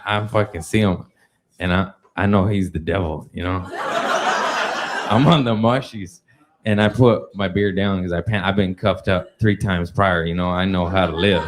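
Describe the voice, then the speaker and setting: A man telling a crude, profane story stand-up style, laughing as he talks. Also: lowish voice. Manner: laughing through his own story, loose and crude. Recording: noisy recording with clicks.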